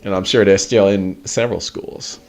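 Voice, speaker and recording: A man hosting a casual livestream chat, animated, laughing often and swearing casually. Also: low voice, moderate pace, vocal fry. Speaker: livestream host.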